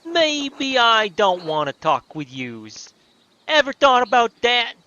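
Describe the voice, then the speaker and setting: Brooklyn-accented hothead villager for a video game voice-over, bright, piercing and brash, played by a man. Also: very high voice, big pitch swings, dull audio, pitched above the performer's own voice, full character voice. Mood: irritable. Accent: put-on Brooklyn accent. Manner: shouty, rude, fast-tempered. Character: loud cranky young male villager, touchy, picks fights.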